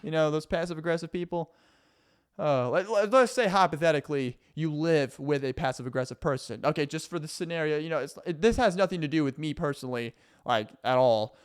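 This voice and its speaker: A man's voice: a little high, animated, a little fast, few pauses, clear, resonant tone. A young man vlogging a rambling comedic monologue, full of fillers and restarts. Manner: rambling, filler-heavy, self-interrupting.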